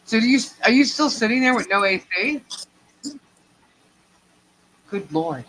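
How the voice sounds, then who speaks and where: Unhurried yet animated, this livestream co-host speaks in a slightly high, somewhat bright voice. The middle-aged woman chats her way through a lengthy family tale, laughing between lines, over a rough recording with slight background noise.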